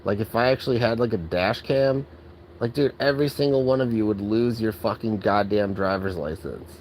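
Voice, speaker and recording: A man's voice: lowish voice, moderate pace, a little mellow, slight background noise, low-quality recording. A man ranting angrily and profanely in a casual vlog, exasperated and full of filler words. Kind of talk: angry rant.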